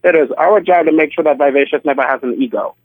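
A man's voice: fairly high pitch, fast, no room sound. A man in his forties, a drag queen guest, talking in a sassy, theatrical way and calling people honey and darling. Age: 40s. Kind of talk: casual phone interview. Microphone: telephone. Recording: tinny dry phone line.

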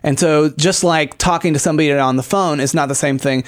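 A man with a somewhat high voice trades casual banter as a talk show co-host. He rambles along, stopping often for fillers and starting his sentences over. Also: a little fast. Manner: rambling, many fillers and restarts.

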